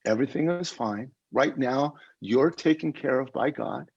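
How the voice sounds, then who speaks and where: A calm, patient woman mentor speaks softly and steadily, as a man quotes her. The voice has a gravelly edge. The sound is somewhat dull and lo-fi. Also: mid-range voice, normal speed, no echo. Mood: soothing.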